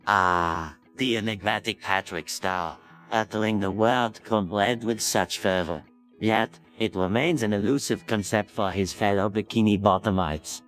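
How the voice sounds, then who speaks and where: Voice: deep voice, fairly even intonation, unhurried, fairly bright tone, soft background music. A synthetic voice narrating a cartoon in a grandiose, flowery way.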